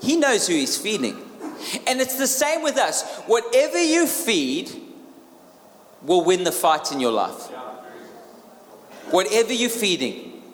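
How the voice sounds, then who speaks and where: A man's voice: high voice, big pitch swings, measured pace, pauses often, slight background noise. A man preaching a sermon in an emphatic manner, repeating key phrases and asking the crowd questions. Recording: echoey hall with long reverb.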